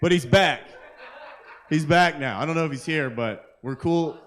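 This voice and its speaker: A man's voice: on the high side, moderate pace, a bit bright. A man hosting a live open mic, doing rambling, self-interrupting crude stand-up to the crowd at a kava bar. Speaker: comedian and open mic host.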